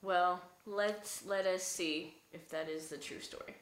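A woman's voice: lowish voice, steady tone, unhurried. A woman co-hosting a casual chat, teasing and laughing along. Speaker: podcast co-host. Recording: echoey room.

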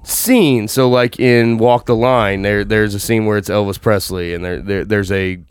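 A man's voice: fairly low pitch, steady tone, measured pace, clear, resonant tone, no room sound. A man in casual conversation about movies, rambling and correcting himself as he goes.

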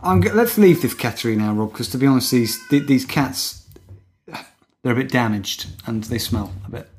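A man's voice: mid-range voice, expressive, moderate pace, darkish tone, a little hiss or hum. A man co-hosting a comedy podcast about odd local news, dry, blunt and teasing. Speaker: podcast co-host.

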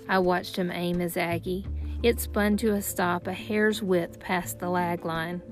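A woman reading a first-person children's story aloud in a measured storytelling voice. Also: fairly low pitch, level tone, soft background music. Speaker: audiobook narrator. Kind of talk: scripted first-person narration.

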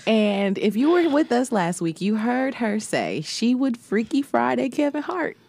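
A woman's voice: a little high, big pitch swings, measured pace, vocal fry, darkish tone, dry recording. A woman co-hosting a podcast in casual chat, playful and teasing, often laughing as she talks. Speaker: podcast co-host.

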